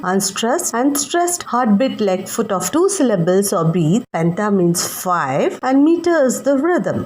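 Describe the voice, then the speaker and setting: A young woman teacher explaining a literature lesson for exams, slowly and carefully. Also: medium pitch, very animated, a little mellow, poor audio. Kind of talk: exam-focused literature lesson.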